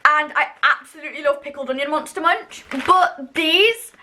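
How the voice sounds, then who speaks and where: Young woman, high bright voice, chatty food review vlog, rambling, from the uk. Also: normal speed, a little hiss or hum. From United Kingdom. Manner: chatty, enthusiastic, rambling with fillers. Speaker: vlogger.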